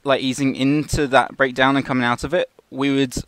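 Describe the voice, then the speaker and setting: A man's voice: mid-range voice, flat delivery, fairly quick, a bit bright, dry recording. A man casually talking through an animation shot as a tutor, restarting sentences as he explains. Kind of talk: live tutorial walkthrough.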